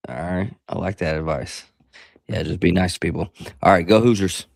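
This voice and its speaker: A man with a very low, gravelly voice co-hosts a casual sports podcast. He is laid-back and drops short, wry reactions. The sound is close and dry. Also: normal speed, no room sound. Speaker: podcast co-host. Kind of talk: casual sports talk chat.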